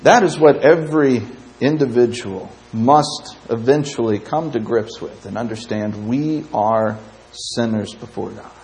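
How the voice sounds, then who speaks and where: A man preaching a sermon in church, impassioned, swinging between loud emphatic stretches and quiet ones. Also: medium pitch, a little slow, poor audio. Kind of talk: sermon with invitation.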